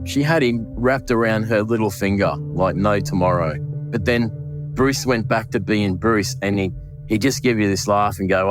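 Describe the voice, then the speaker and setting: Over music, a low-voiced Australian man who works as a butcher remembers a coworker who passed away. The interview is emotional, marked by hesitant restarts and dialogue he acts out.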